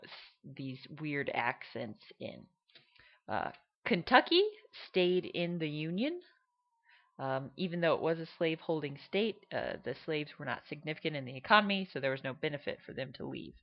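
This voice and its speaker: Woman, low voice, slow and hesitant, casual explainer, dull lo-fi sound. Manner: hesitant, many fillers, demonstrates accents. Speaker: teacher explaining regional accents. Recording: dull lo-fi recording.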